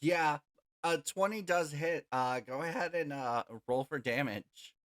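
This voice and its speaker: Slow-talking game master with a bright, forward tone and a halting, um-filled delivery. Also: medium pitch. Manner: halting, full of ums. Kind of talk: narrating a tabletop game.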